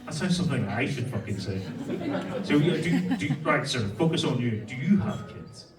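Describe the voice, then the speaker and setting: Brash stand-up comic, lively pitch. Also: male voice, moderate pace, echoey room, recorded from a distance, a crowd in the background, poor audio. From Ireland. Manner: profane, brash, laughing at his own jokes. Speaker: stand-up comedian. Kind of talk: stand-up comedy set with crowd work. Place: comedy club stage with a laughing audience.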